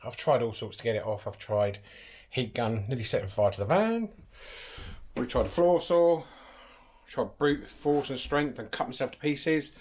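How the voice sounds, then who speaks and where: A man's voice: medium pitch, animated, moderate pace, darkish tone. A man in a casual DIY vlog, talking matter-of-factly and poking fun at his own struggles while stripping out the inside of a van. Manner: matter-of-fact, self-deprecating about struggles. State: out of breath. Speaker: van converter.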